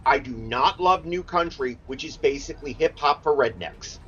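A man's voice: mid-range voice, moderate pace, a bit bright. A man chatting casually on a podcast, opinionated and emphatic, swearing freely. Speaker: podcast co-host. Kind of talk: casual chat. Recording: dull lo-fi sound.

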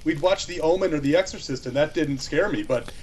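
A man co-hosting a podcast outdoors, chatting in a halting way and restarting his sentences. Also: a little high, darkish tone, a little hiss or hum. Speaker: podcast co-host. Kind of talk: casual chat. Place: outdoors by a campfire.

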